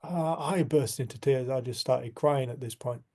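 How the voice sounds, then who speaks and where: A man giving an earnest, reflective spiritual talk to a community group, telling a personal story. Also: medium pitch. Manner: earnest, storytelling, soft and slow at times.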